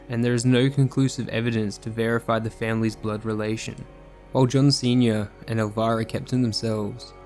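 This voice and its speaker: A man reading a scripted true crime narration in a measured, sombre manner. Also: medium pitch, a little mellow.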